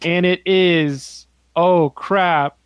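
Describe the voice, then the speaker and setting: A man with a rather high voice chats on a podcast, retelling a card game match in an animated, laughing way with a few curses thrown in. His voice sits close on the microphone in a dry, dead room. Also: extremely slow, clear, resonant tone, dry recording. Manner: animated storytelling, swears, laughs often. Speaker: podcast co-host. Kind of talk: casual podcast chat.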